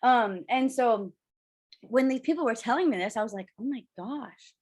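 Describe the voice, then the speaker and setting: A woman's voice: a little high, animated, a little mellow. A young woman co-hosting a casual chat over a video call, bubbly and rambling, with lots of "like.". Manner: fast, bubbly, rambling with many "like"s. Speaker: podcast co-host.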